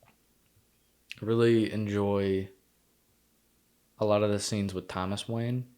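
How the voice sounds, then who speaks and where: A man co-hosting a podcast, reviewing films in casual chat and retelling scenes with lively quoted lines. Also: lowish voice, slow pace, clean tone. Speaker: podcast co-host.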